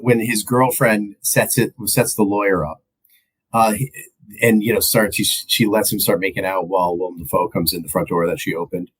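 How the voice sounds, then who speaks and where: Male podcast co-host, husky, animated and rambling in film talk. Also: on the low side, low-quality recording. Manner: rambling, animated, mimics movie lines. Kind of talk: casual film review chat.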